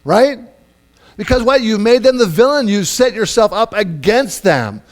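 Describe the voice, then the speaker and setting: A man preaches a sermon with an animated, conversational delivery, his slightly high voice jumping up in loud bursts whenever he acts out a quote. A low mains hum runs steadily beneath the recording. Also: moderate pace. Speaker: pastor.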